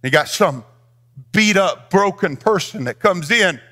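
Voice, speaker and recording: A man preaching in a church with a high, bright voice that swoops widely in pitch. He lifts his phrases into a sing-song cadence and addresses the congregation directly. It is an animated, expressive pulpit delivery. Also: unhurried. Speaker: pastor. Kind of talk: sermon.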